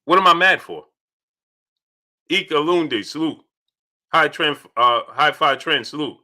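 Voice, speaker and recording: A young man hosting a casual live stream, reading viewer chats aloud and answering them in an animated way that repeats itself. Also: a little high, a little slow. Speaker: livestream host reading super chats. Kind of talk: casual livestream chat.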